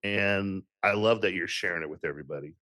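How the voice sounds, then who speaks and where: Man, podcast host, interview chat, encouraging, low pitch, dry recording. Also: brisk, pushed and bright, no room sound.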